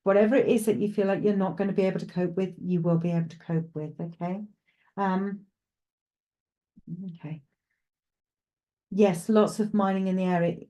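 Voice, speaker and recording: A woman's voice: medium pitch, steady tone, normal speed, long pauses, dark tone, muffled recording. A woman with a Welsh accent presenting live psychic readings, talking reassuringly and chattily to a caller.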